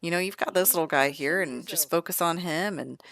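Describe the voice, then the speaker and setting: A woman's voice: lowish voice, brisk, gravelly, a bit bright. A woman voicing an easygoing, party-loving middle-aged dad in a life-sim game, giving breezy reassurance.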